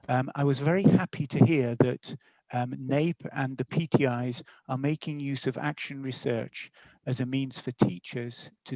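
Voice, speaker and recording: Guy teaching over a muffled video call, dry sound, friendly and steady. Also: mid-range voice, vocal fry, no echo. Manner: friendly, measured lecturing with fillers. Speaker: guest speaker, teacher educator. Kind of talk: webinar talk.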